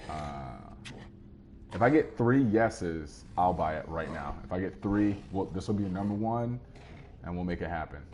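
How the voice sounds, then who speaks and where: A man's voice: low-pitched, lively intonation, a little slow, darkish tone, slight background noise. A man casually chatting with viewers while he plays a game live, easygoing and rambling as he answers their comments. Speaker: streamer playing a game live.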